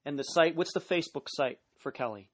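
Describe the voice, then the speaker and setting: A man's voice: a little high, expressive, fairly quick. Man hosting a radio interview. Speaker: radio host.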